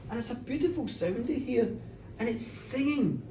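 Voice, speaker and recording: A woman tells a folk tale live, chatty and playful, her high voice swooping up and down. She is recorded from a distance in an echoey pub with faint noise behind. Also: lively intonation, moderate pace, dark tone. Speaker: storyteller. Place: pub storytelling show, indoors. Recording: roomy bar, distant mic, faint noise.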